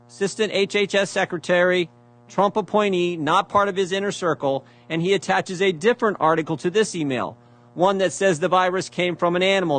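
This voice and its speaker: A man's voice: sits high, a bit bright. Emphatic man reading out emails. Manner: emphatic, repeats phrases for effect; pointed rhetorical questions. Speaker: speaker presenting evidence at a hearing. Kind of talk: prepared speech reading out emails.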